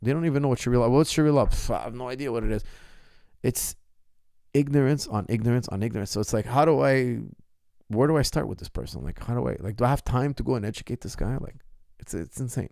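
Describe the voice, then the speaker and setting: A middle-aged man, a martial arts coach, answers viewer questions in a casual solo talk. His voice is gravelly with a lot of vocal fry, recorded close and dry with no room sound. He speaks with force and hammers points home by repeating them. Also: mid-range voice, lively intonation, quick pace, a little mellow, dry recording. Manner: impassioned, emphatic repetition of phrases.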